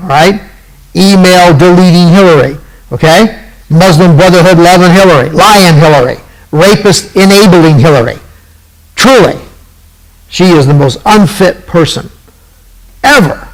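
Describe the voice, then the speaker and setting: A man's voice: a little high, gravelly, poor audio. A man hosting a radio show, giving emphatic, sarcastic political commentary that rises into indignant questions.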